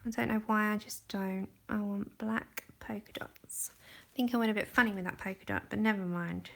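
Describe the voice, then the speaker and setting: Chatting and giggling as she colours, a young woman talks into a livestream camera close in front of her face. Her medium-pitched voice is steady and a bit bright with some vocal fry, at a moderate pace.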